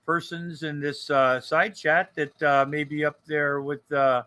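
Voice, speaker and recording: A man's voice: a little high, level tone, unhurried, bright, forceful tone. An older man co-hosting a casual livestream chat, joking, rambling and swearing freely. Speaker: co-host.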